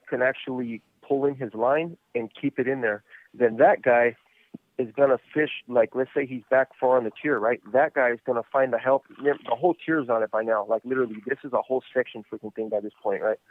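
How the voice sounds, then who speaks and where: A man hosting a podcast, telling stories in a relaxed, rambling way full of "you know.". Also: mid-range voice. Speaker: podcast host. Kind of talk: casual storytelling chat. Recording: tinny phone line.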